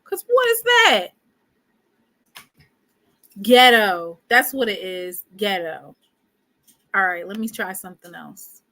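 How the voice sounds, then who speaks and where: A woman hosting a casual live podcast, animated and joking with her viewers. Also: medium pitch, moderate pace, hardly any pauses. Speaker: podcast host. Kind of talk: casual livestream chat.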